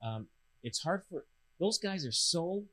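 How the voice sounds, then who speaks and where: A man, a real estate host who talks loudly and projects in casual chat. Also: fairly high pitch, unhurried, poor audio. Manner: loud, projecting, animated talker.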